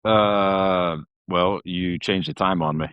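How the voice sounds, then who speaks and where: A man's voice: low voice, steady tone, slow pace, smooth, no room sound, lo-fi sound. A man, a gun maker guest on a podcast, explaining things in a plain, matter-of-fact way. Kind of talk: podcast interview.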